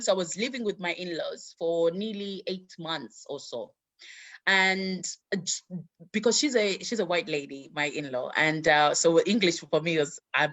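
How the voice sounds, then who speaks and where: A woman's voice: lowish voice, a bit bright. A woman guest telling her life story in conversation, acting out the voices of the people in it. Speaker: interview guest.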